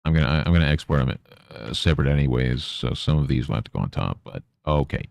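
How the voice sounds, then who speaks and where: A man's voice: very deep voice, expressive, fast, creaky, a little mellow, clean tone, no echo. A man streaming while he works, muttering to himself and playfully scolding his pet. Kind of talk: casual live-stream chatter.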